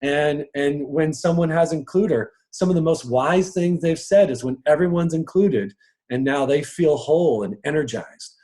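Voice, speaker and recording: Fairly high-pitched and mellow, this man's voice carries a casual live talk in which he coaches an audience on personal strengths. He chuckles often and shifts briefly into other voices.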